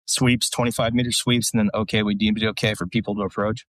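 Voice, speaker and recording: A man's voice: fairly low pitch, level tone, quick pace. A man, a military veteran guest, telling a story casually in a blunt, profane, rambling way with lots of fillers.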